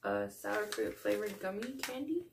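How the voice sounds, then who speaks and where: A woman vlogger chatting casually through an unboxing. She gushes about how cute everything is, apologizes often, and sometimes drops into a soft whisper. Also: mid-range voice, normal speed, creaky, background noise. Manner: gushing, calls everything cute; self-deprecating, apologizes often.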